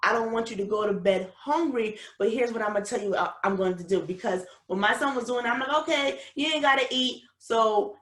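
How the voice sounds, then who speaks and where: A woman's voice: medium pitch, brisk, hardly any pauses. A woman, hosting a casual advice podcast and talking straight to parents in an emphatic, preachy way. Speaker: podcast host. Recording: roomy echo.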